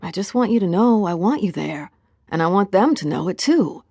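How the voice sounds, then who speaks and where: A woman reading the lines of an easygoing young man who coaxes and teases his girlfriend warmly. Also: mid-range voice, expressive, normal speed, no room sound, studio quality. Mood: coaxing. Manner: warm, coaxing, teasing.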